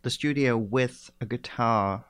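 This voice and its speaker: A man's voice: mid-range voice, measured pace, a bit bright, clear, resonant tone. A man with a mid-range voice hosts a radio interview in a plain, conversational way. The sound is dry and close, with no room echo, and it was recorded in a hotel room set up as a makeshift studio. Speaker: radio host.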